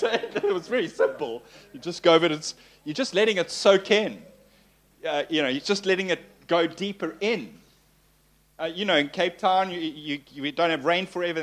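A man delivers a sermon in an animated, playful way, circling back over phrases to press them home. His voice sits a little high for a man. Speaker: pastor. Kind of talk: sermon teaching.

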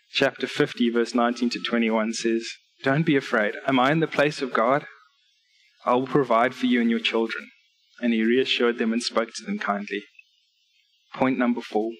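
A man's voice: medium pitch, fairly bright tone, low-quality recording. A man preaching a sermon at a church service, reading scripture and laying out numbered points with earnest, direct appeals to his listeners.

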